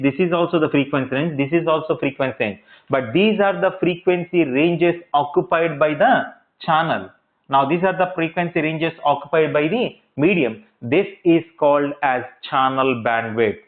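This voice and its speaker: Man lecturing over tinny audio. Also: a little high. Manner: repetitive, checks understanding with rhetorical questions. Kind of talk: classroom lecture.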